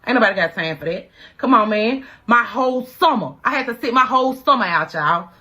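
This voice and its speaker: A woman storytime creator delivers a dramatic, animated tale in slangy, punchy talk packed with sound effects. Her voice is on the high side, bright, brisk and forceful, with lively intonation. The recording is dry and of poor quality.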